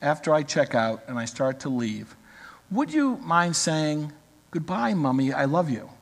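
A man voicing a polite, wistful little old lady in a sermon story, speaking slowly and pleadingly. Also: on the high side, very animated, vocal fry, long reverb tail, voice pushed down, heavily acted.

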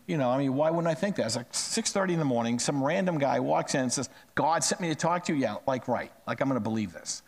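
A middle-aged male pastor delivering a sermon in a conversational storytelling way, dropping to hushed asides and rising on emphatic phrases. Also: mid-range voice, animated, fast, hardly any pauses.

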